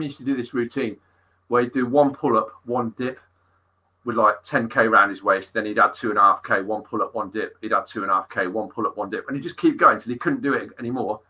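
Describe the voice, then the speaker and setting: A middle-aged fitness coach tells gym stories in an animated, sweary podcast chat. His voice is forceful and tense, with a husky edge. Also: mid-range voice, poor audio. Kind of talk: casual interview storytelling.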